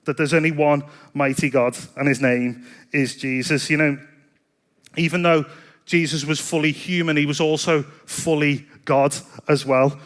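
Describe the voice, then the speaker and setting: A man's voice: on the high side, steady tone, unhurried. A man preaching a sermon in a chatty, self-deprecating storytelling way. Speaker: pastor.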